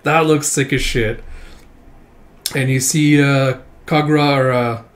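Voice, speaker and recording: A man hosting his own channel, chatting loosely through a comic chapter at a mid pitch. He stumbles along with frequent "uh" fillers and breaks into small chuckles, relaxed and unhurried. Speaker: manga reaction channel host. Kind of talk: casual read-through commentary.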